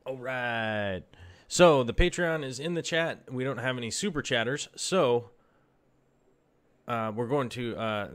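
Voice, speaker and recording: A man's voice: medium pitch, unhurried. A man casually hosting a live stream, rambling in a laid-back way with lots of fillers.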